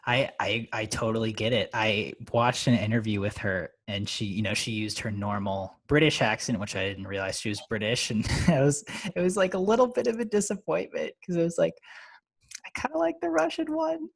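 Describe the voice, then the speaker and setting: Laughing male podcast host. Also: lowish voice. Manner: laughs often, halting restarts. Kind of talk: casual podcast interview.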